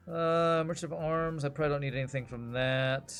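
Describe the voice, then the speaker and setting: A man's voice: on the high side, fairly even intonation, brisk, hardly any pauses, fairly bright tone, clear, resonant tone, faint music behind. A man casually commenting on his gameplay while streaming, joking with his chat between moves. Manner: chatty, jokey, talks to chat while playing. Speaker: game streamer.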